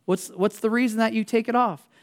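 A man's voice: sits high, steady tone, a little fast. A man preaching a sermon as a pastor. He talks conversationally, asks the congregation questions and jokes his way through tangents. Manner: casual, joking, wanders into tangents.

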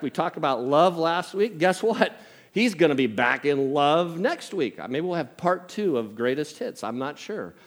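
A man preaching a sermon, telling a humorous story and reading scripture aloud in an animated, conversational way. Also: high-pitched. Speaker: pastor.

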